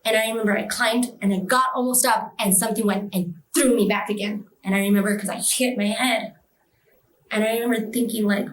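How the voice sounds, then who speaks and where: A woman's voice: mid-range voice, steady tone, a little fast, reverberant, slight background noise, low-quality recording. A woman telling a personal experience in an interview, emotional and vivid, acting out the voices of others. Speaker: interview guest.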